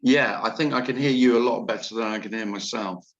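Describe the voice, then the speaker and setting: A man's voice: mid-range voice, a little fast. A man hosting an online meeting, answering with brief, encouraging replies. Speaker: meeting host. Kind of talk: casual chat. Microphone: video call. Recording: dull call audio with faint noise.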